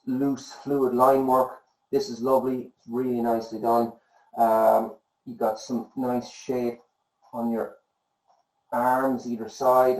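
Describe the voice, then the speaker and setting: A man giving gentle, encouraging feedback on student drawings as an art tutor, pausing often with fillers. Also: mid-range voice, roomy sound, poor audio.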